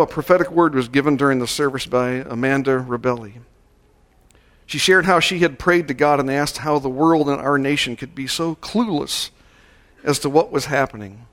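Male pastor, mid-pitched voice, deliberate sermon delivery that leans on key words. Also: a bit bright. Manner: measured, slowing down to stress key words. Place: church service.

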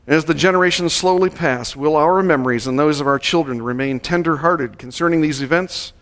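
A male pastor delivering a sermon at a church service, measured and slowing down to stress key words. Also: a little high, fairly bright tone.

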